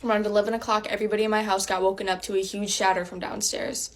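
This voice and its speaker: A woman's voice: mid-range voice, level tone, rapid-fire. A text-to-speech woman's voice telling a story in a casual, chatty way.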